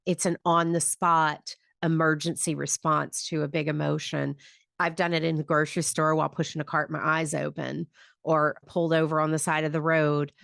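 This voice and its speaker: Low gravelly-voiced woman podcast host. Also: normal speed, dry recording, studio quality. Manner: calm, reflective, explanatory. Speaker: podcast host and grief teacher. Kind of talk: conversational podcast teaching.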